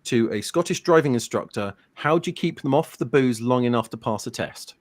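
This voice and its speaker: A man's voice: mid-range voice, expressive, a little fast. A man co-hosting a late-night live stream, telling wry stories and reading the chat. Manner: storytelling, wry. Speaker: co-host.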